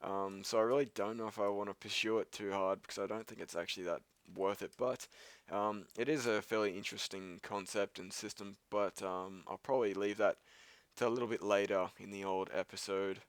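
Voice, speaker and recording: A male let's play host talks over his game in a loose, wandering stream of commentary. His voice sits on the lower side and sounds dry and close, with no room echo. He fills pauses with ums, swears offhandedly and pokes fun at himself. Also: steady tone, smooth. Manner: rambling and self-mocking, swears casually, many ums. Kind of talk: gameplay commentary.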